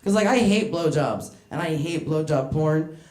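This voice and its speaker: A woman's voice: low-pitched, animated, moderate pace, a little mellow, reverberant. A woman doing a stand-up comedy set in a club, brash and crude, working the crowd and laughing between her lines.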